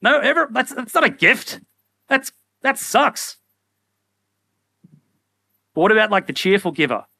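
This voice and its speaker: A young man preaching a sermon in a casual, animated way, often acting out little everyday scenes. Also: high voice, a little slow, gravelly, pauses often, dry recording. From Australia. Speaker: pastor.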